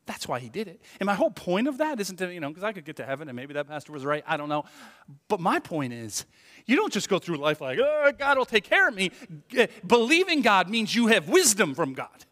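A male pastor preaching with a high, bright voice that leaps around in pitch. He jokes and acts out the voices of the people in his story. The sound rings with a long hall reverb. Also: fairly quick. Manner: animated, joking, acts out quoted voices. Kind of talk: sermon.

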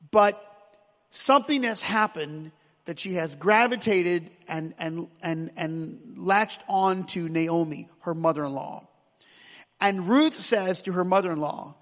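Pastor guy preaching, high voice, lots of restarts, long church echo. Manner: repetitive restarts, emphatic preaching. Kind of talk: sermon.

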